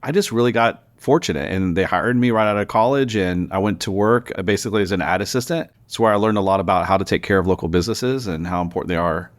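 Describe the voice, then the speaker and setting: Businessman in his forties, chatty and animated storyteller, podcast guest. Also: low-pitched. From Texas. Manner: animated storyteller, quick restarts. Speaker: guest, news publisher founder. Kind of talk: casual interview storytelling.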